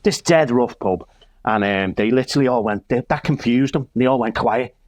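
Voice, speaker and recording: A man from Liverpool with a Liverpool accent, a guest comedian and minister telling a lively anecdote and acting out dialogue. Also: mid-range voice, normal speed, no room sound, highs cut off. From Liverpool, England. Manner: lively storyteller, acts out dialogue. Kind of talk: casual anecdote.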